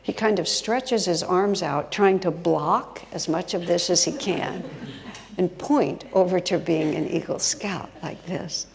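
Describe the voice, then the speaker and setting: Gravelly-voiced woman giving a spiritual talk. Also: lowish voice, measured pace. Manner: expressive, drops to whispers for emphasis. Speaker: spiritual teacher, guest speaker. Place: retreat hall. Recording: long hall reverb.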